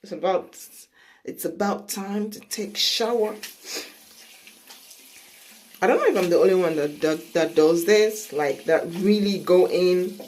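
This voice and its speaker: A woman's voice: fairly low pitch, unhurried, pauses often, darkish tone, slight background noise, poor audio. A woman beauty vlogger from Sierra Leone chatting casually at home, self-mocking and chatty. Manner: chatty, self-mocking, breaks into laughs and groans. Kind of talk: casual chat.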